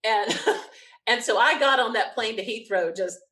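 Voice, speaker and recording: A woman, a guest telling an animated story with quick bursts and frequent laughter. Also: a little high, low-quality recording. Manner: lively, quick storyteller who laughs often. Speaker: interview guest.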